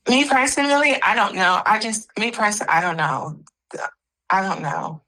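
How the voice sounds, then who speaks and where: A woman's voice: medium pitch, lively intonation, moderate pace, sharp tone, poor audio. A woman answering interview questions in a hesitant, casual way, full of fillers. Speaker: interview guest. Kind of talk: casual chat.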